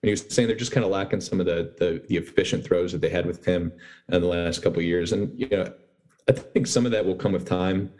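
A man with a very deep voice joins a sports podcast as a guest writer. He explains his points in a relaxed, easygoing way, leaning on lots of filler words as he goes. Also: fast. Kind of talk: casual sports talk.

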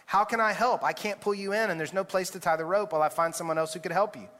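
A man's voice: sits high, fast, fairly bright tone. A man reading a fable aloud, voicing a desperate traveler on a bridge with raised, urgent pleading. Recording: echoey church hall.

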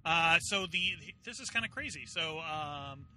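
A man's voice: fairly high pitch, expressive, measured pace, sharp tone, slight background noise. A man talking as a comedian guest in a car, teasing his host and laughing often. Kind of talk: casual chat. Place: inside a moving car.

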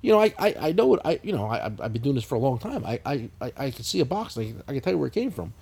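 Husky, animated New man. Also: mid-range voice, very fast. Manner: profane, animated storytelling with laughter. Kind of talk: casual podcast chat.

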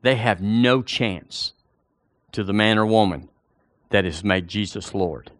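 A man preaching a sermon in an emphatic, animated way, with loud and soft swings. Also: fairly low pitch, slow pace, no room sound.

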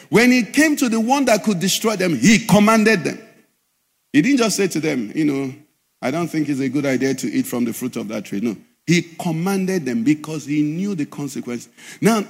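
A man's voice: high voice, long reverb tail. A man preaching a sermon as pastor, asking the congregation questions as he teaches.

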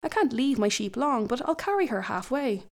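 A woman voicing a good-natured young male shepherd in a folk tale, friendly and plain-spoken, with a fairly high voice. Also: very animated, moderate pace. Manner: friendly, hailing loudly.

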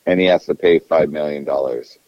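A man's voice: extremely low pitch, fairly quick, dry recording, muffled recording. A man co-hosting a podcast, chatting casually about politics in a profane, rambling way and often restarting his sentences. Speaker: podcast co-host.

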